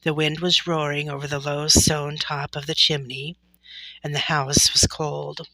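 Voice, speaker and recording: A woman reading a chapter book aloud, slow and even. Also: low voice, dry recording. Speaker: storybook reader. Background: faint music.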